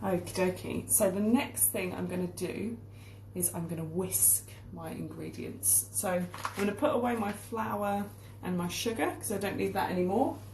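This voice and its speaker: A woman's voice: mid-range voice, normal speed, few pauses, roomy sound, noisy background. A woman giving a casual English lesson while baking at home, explaining word meanings as she goes. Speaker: English teacher. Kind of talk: casual cooking demonstration lesson. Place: home kitchen.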